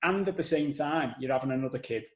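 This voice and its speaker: Man, Scouse accent, podcast host, animated storyteller, mid-range voice, echoey room. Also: mid-range voice, fast. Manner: animated storyteller, swears casually. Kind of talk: casual conversational podcast chat.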